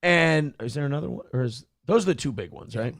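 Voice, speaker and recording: A man's voice: a little high, animated, a little fast, dry recording, clean studio sound, faint music behind. A man hosting a morning show, talking in a crude, profane and mocking way as casual opinionated chat.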